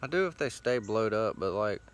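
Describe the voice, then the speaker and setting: A man's voice: lowish voice, animated, moderate pace. A man hosting a show, rambling casually outdoors while sitting against a tree, with loose, profane, meandering talk full of fillers. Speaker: host.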